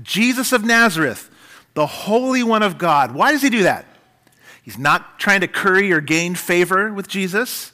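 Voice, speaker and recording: Bright-voiced preacher, animated. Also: male voice, moderate pace. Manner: animated preaching, dramatic shifts in pitch and volume. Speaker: pastor. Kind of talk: sermon.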